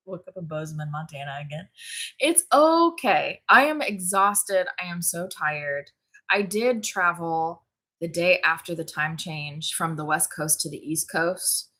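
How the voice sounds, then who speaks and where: A woman's voice: sits low, expressive, measured pace, fairly bright tone. A woman hosting a casual livestream, tired and yawning, chatting loosely, laughing often and greeting viewers. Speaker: livestream host. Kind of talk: casual live chat.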